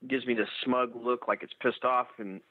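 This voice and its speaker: Man, halting and full of restarts, dry tinny audio. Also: medium pitch, fairly even intonation, no echo. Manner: halting, many restarts and fillers. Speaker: eyewitness telling an encounter. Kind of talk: first-person storytelling.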